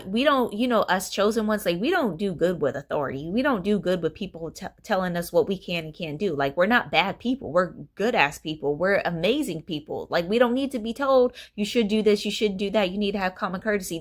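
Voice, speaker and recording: Candid, cursing woman telling her story. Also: on the low side. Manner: candid, swears freely, many fillers. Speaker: vlogger. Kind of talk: casual personal storytelling.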